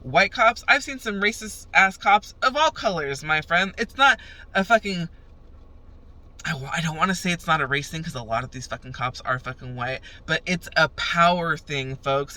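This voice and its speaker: A woman's voice: fairly low pitch, pushed and bright. A young woman vlogging in a profane, fired-up rant as she tells a story. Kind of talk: ranting casual vlog.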